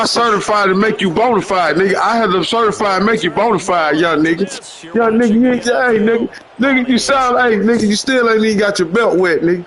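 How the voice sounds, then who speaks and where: A man streaming a football video game, loudly trash-talking his online opponent with slang and profanity. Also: high voice. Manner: loud, boastful trash talk with heavy slang and profanity. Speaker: gamer streamer.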